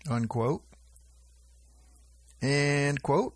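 Slow, husky-voiced preacher man. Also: mid-range voice, lively intonation, no room sound. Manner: chuckles often, slow drawling delivery. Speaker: preacher recounting prophetic dreams. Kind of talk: informal religious teaching.

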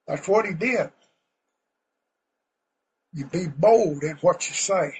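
A man's voice: on the high side, moderate pace, pauses often, breathy edge, poor audio. Fervent folksy preacher man. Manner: folksy, fervent, rising to loud bursts. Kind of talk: sermon.

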